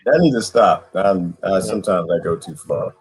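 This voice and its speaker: A man's voice: sits low, animated, moderate pace, poor audio. A man hosting a casual online group chat, playful and jokey. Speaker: host.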